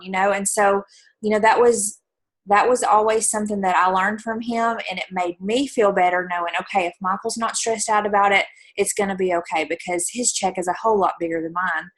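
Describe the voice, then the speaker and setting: A woman's voice: medium pitch, steady tone, brisk. A woman giving an earnest, encouraging talk to fellow team leaders on a video call.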